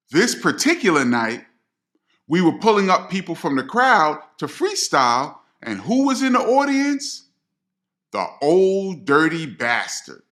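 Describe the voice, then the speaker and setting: A middle-aged man, a DJ telling a personal story straight to his viewers in a slangy, animated way. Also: fairly high pitch. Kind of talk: storytelling to camera.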